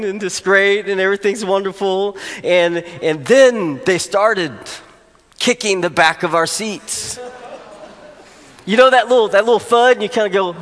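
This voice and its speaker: A man, a pastor, telling a humorous personal story during a sermon, animated at the funny moments. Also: high-pitched. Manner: storytelling, rising to animated exclamations for comic effect. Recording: long hall reverb.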